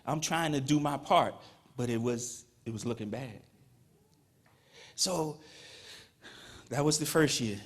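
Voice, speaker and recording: Slow and full of long pauses, a mid-range male voice tells stories during a Hall of Fame induction speech. The speaker, from Petersburg, Virginia, addresses an audience in a ceremony hall conversationally and keeps saying "you know".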